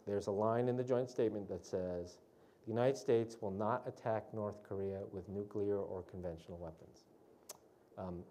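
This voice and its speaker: A man giving an explanatory public talk at a policy forum, measured and recounting events, with frequent "um" and "uh" and "right?" tags. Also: on the low side, dark tone. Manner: storytelling recollection of negotiations. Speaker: guest speaker at a policy forum.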